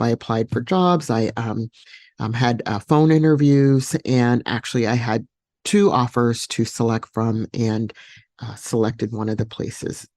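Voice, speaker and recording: A woman hosting a podcast, telling a personal story solo in a reflective, unhurried way with many fillers and restarts. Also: rumbling low, a little mellow, no room sound, clean studio sound. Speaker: podcast host.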